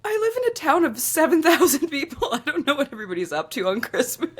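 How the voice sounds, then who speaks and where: A woman's voice: high voice, big pitch swings, fast talker. A woman co-hosting a sports podcast in casual chat, talking loosely with lots of filler words and easy laughter. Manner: chatty, many "like" fillers, laughs easily. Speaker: podcast co-host.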